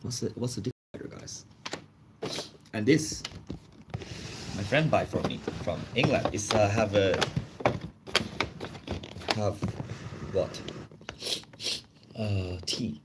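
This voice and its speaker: A man's voice: lowish voice, heavy background noise. Man hosting a chatty livestream. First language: Chinese. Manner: halting non-native English, chatty, laughs often. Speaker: livestream host. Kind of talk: casual livestream chat.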